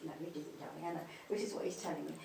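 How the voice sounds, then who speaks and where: A woman's voice: low voice, little pitch movement, rapid-fire, creaky, a little mellow. A woman giving a live mediumship demonstration, speaking tenderly and calling people darling and sweetheart. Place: spiritualist church hall. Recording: echoey hall, distant mic, faint noise.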